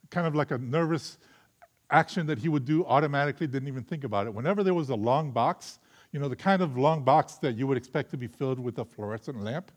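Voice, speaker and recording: A male pastor delivers a sermon in his ordinary mid-range voice. He speaks with earnest conviction, rising to loud emphatic peaks and sinking to quiet, reflective passages. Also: medium pitch. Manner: closes in prayer.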